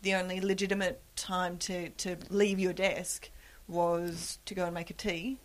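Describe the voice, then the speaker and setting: A woman's voice: on the low side, level tone, a little slow. Laughing woman in casual chat. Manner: self-deprecating, laughs often. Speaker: podcast host.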